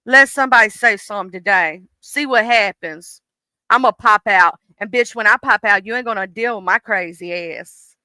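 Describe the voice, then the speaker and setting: A woman's voice: high-pitched, moderate pace, bright, forceful tone, smooth, dry recording. A woman voicing her own anger as a female figure who is itching for a fight and talks menacing, profane trash. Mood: threatening.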